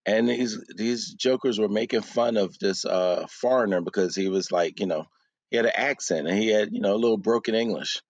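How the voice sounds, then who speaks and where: A fairly low-voiced man telling stories in easy, casual chat. He talks with lots of "you know" and sounds close and dry, with no room around him. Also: a little fast, no room sound. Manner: animated storyteller, many fillers. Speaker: podcast co-host.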